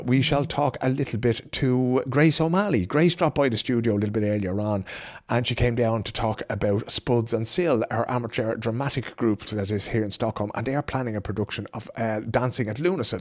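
A man with an Irish accent hosting a podcast from a small home studio, talking in a chatty, colloquial, rambling way. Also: lowish voice. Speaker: podcast host. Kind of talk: casual podcast monologue.

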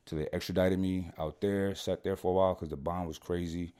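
A man with a low, deep voice tells a story on a podcast. His talk is loose, slangy and full of swearing, and he keeps checking in with his listeners. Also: fairly even intonation, fairly quick, mellow. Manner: slangy and profane, keeps saying "you know what I'm saying". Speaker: podcast guest. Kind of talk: casual storytelling.

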